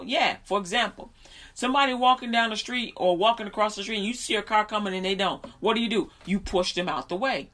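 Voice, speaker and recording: A woman telling a story in a casual, conversational way, with fillers and restarts, who becomes animated as she retells it. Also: mid-range voice, quick pace. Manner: animated, laughs and shouts while retelling. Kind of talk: casual storytelling with faith talk.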